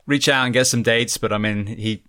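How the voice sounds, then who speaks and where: A man's voice: mid-range voice, steady tone, fairly quick, bright, forceful tone, clean tone, no echo. A man hosting a casual interview, easygoing and encouraging, on a close mic. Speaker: podcast host.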